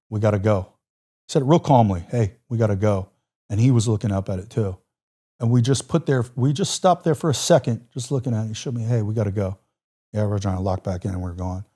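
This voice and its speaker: A man's voice: on the low side, dark tone. A man in his forties, a military veteran telling war stories as a podcast guest, vivid and reflective, with casual fillers. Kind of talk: podcast interview storytelling.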